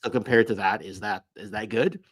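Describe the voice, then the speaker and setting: Low-pitched guy guesting on a podcast, thinking out loud, keeps saying right, dry sound. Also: steady tone, a little fast, slightly rough, dry recording. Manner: reflective, checks agreement with "right?". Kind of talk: casual chat.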